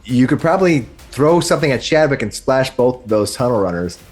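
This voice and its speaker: A man's voice: mid-range voice, lively intonation, a little fast, a little mellow. A man running a tabletop game as game master, narrating in a rambling way and often correcting himself.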